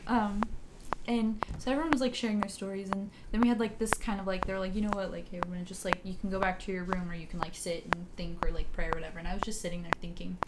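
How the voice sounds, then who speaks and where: Woman podcast guest, mid-range voice, soft and hesitant, restarts a lot; noisy recording with clicks. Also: mid-range voice, fairly even intonation. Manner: halting, many fillers and restarts. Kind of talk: casual personal storytelling. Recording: loud background noise with clicks.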